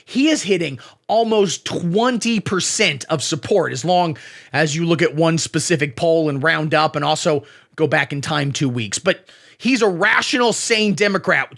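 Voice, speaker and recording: A man hosting a scripted satirical monologue, sarcastic and deadpan, breaking into profane rants. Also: fairly high pitch, gravelly. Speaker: satirical commentary host.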